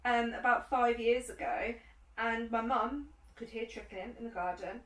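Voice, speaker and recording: A woman's voice: a little high, unhurried. A woman co-hosting a podcast, telling stories in casual chat and acting out other people's voices as she goes. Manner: animated storyteller who acts out other people's voices. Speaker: podcast co-host. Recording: roomy, distant from the mic.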